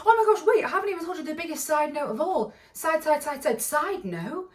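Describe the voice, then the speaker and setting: A woman vlogger tells a casual storytime in a bubbly, giggly, rambling way packed with side notes. Her fairly high voice has lively intonation and a quick pace with hardly any pauses. She sits far from the mic in an echoey room with background noise, so her voice sounds a bit off-mic.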